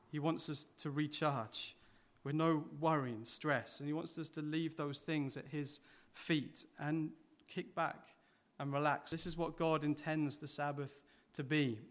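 A man's voice: a little high, a bit bright. A man preaching a sermon in a conversational way, often putting rhetorical questions to the congregation.

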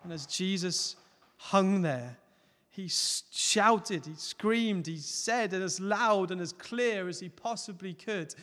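A man preaching a sermon, earnest, rising to loud emphatic peaks and dropping to soft, close appeals. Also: sits high, takes it slowly. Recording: long hall reverb.

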